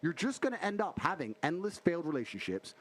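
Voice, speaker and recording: A man's voice: a little high, very animated, quick pace. A brash man lecturing on a podcast clip, swearing freely as he argues. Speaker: podcast guest. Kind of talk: heated podcast argument.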